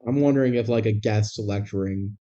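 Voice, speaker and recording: A man's voice: fairly low pitch, fairly quick, warm tone. A young man co-hosting a podcast, talking over movie logic in a wry, rambling, analytical way. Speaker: podcast co-host. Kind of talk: casual movie discussion. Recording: dull lo-fi sound.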